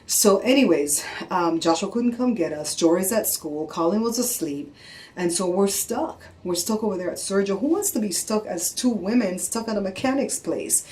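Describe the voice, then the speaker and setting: A middle-aged woman vlogging, telling a story in a casual, animated and exasperated way and acting out what people said. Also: mid-range voice, moderate pace. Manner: animated, exasperated, acts out quotes.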